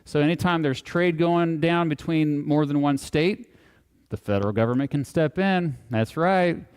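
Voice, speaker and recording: A man talks to a live audience in a hall, and his voice rings out with a long reverb. His tone is smooth and resonant and sits a little high for a man. His delivery is casual and animated, full of jokes and asides. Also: moderate pace. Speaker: guest speaker. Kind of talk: live public lecture.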